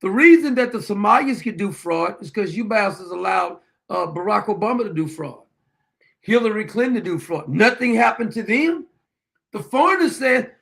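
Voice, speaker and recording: A man's voice: sits high, gravelly, fairly bright tone. A middle-aged man hosting his own show, delivering a blunt, combative political monologue and swearing freely. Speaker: show host.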